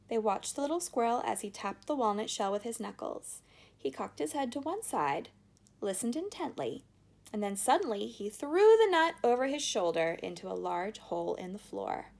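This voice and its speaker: A woman narrating a children's storybook aloud in an expressive, lively way. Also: on the high side, normal speed, vocal fry. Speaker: audiobook reader.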